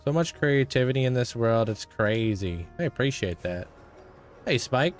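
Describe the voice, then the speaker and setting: A man's voice: mid-range voice, lively intonation, moderate pace, faint music behind. A young man livestreaming a game, chatting casually and greeting viewers by name. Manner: laid-back, thanks and greets viewers by name. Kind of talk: casual chat with live viewers while playing.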